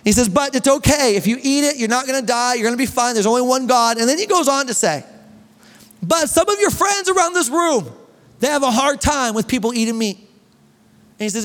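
High-voiced animated male preacher. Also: fairly quick, big-room sound. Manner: animated preaching, reading scripture aloud. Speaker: pastor. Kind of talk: sermon. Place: church hall.

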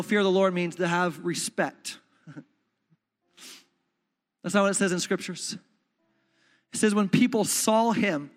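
A man preaching a sermon as pastor, impassioned, swinging between hushed tones and shouting. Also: sits high. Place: church stage. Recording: music under, reverberant hall.

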